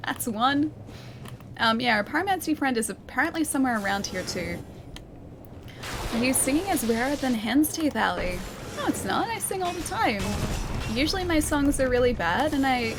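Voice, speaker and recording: A woman's voice: a little high, noisy background. A woman streaming a game, chatting casually, reading chat aloud and laughing often. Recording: game music behind.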